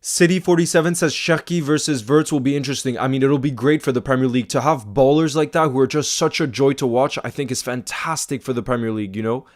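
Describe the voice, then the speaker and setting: An excitable man hosting a football fan livestream, chatting casually, saying bro a lot and reading viewer comments aloud. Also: mid-range voice. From Iceland. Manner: excitable, fast-talking, says bro a lot.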